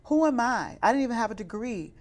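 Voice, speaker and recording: Her voice runs on the high side, animated and quick. A middle-aged youth minister from west side Chicago, she tells her life story in an interview testimony, earnest throughout and rising into fervent preaching.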